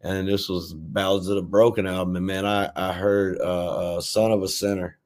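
A man's voice: low voice, flat delivery, moderate pace, darkish tone. A man, a rapper guesting on a podcast, telling long stories with heavy swearing and lots of restarts. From Memphis, Tennessee. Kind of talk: casual storytelling conversation.

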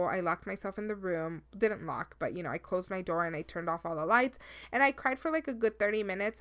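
A young woman talks through her solo podcast in a loose, candid way, sliding between tender and playful and sprinkling in Spanish words. Her voice is smooth and clear, at a middle pitch for a woman. The sound is dry and close. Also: fairly bright tone, no room sound. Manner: emotional, candid and chatty, drops Spanish words. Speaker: podcast host. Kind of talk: casual solo podcast chat.

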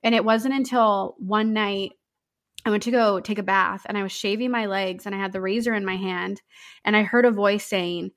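A woman guest on a podcast telling her own story candidly, in an open, halting way with many fillers and restarts. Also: mid-range voice, fairly even intonation.

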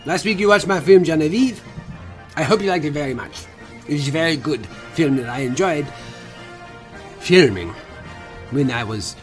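A man putting on a mock South African accent to play the hurried ghost of an old film director, halting and full of restarts. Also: mid-range voice, natural voice. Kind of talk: comedy podcast impression.

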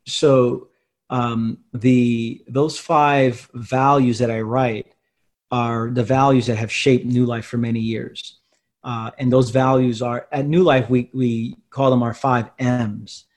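A man, a pastor and author, giving reflective interview answers in a measured, thoughtful way. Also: medium pitch, steady tone, a little mellow.

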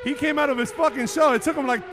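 Male live-podcast host, high voice, loud hype-man energy. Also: steady tone, fast, very noisy. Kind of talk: hype banter on stage. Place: comedy club stage.

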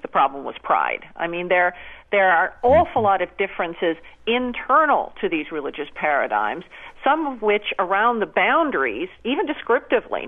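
A woman guest calling into an interview, speaking thoughtfully with many hesitations. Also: on the low side. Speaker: guest on phone line. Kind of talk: radio interview discussion. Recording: tinny phone line.

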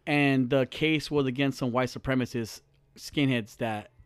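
A man's voice: medium pitch, fairly even intonation, unhurried, clean tone, no room sound. A young man hosting a podcast, chatting casually, joking and swearing freely in a small studio. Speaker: podcast host.

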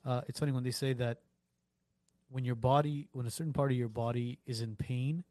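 Male co-host, mid pitch, chatty storyteller, dry close mic. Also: steady tone, fairly quick, dark tone, no echo. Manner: storytelling, acts out quotes, laughs easily. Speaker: podcast co-host. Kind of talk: casual chat.

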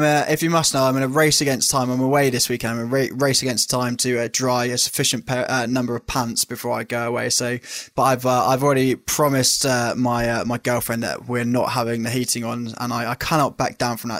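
A man's voice: medium pitch, fairly even intonation, a little fast, fairly bright tone, dry recording, studio quality. A man, a podcast guest, chatting casually in a rambling, self-mocking way. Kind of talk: casual chat.

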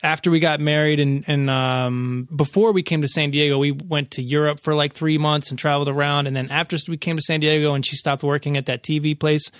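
A man's voice: fairly high pitch, little pitch movement, a little fast, few pauses, fairly bright tone, no echo, clean studio sound. A man in his thirties, a podcast guest, telling loose, profane stories in casual chat with lots of fillers.

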